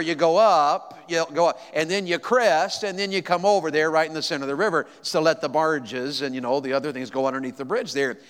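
A male evangelist telling a folksy, animated story in a sermon, rising to excited exclamations. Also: a little high, smooth. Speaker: evangelist preacher. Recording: long hall reverb.

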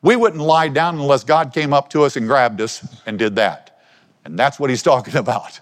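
A man's voice: medium pitch, moderate pace. A man preaching a conversational sermon, asking his listeners questions as he talks. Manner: conversational, asks the congregation questions. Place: church hall. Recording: long hall reverb.

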